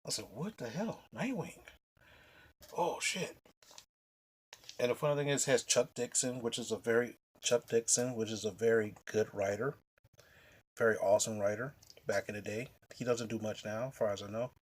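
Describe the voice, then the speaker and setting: A man's voice: lowish voice, fairly even intonation, brisk. A man casually telling a rambling, profane story on his comic book vlog.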